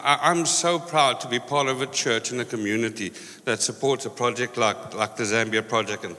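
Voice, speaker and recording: A man telling a lively, laughter-filled story at a church service. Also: mid-range voice, normal speed. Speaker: church member reporting on a mission trip. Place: church hall. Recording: reverberant hall.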